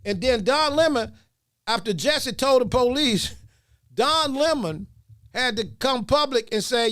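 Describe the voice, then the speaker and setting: Male podcast host, high voice, swings all over, laughing commentary. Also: moderate pace, no echo, studio quality. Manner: mocking, laughs a lot, animated. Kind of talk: comedic commentary.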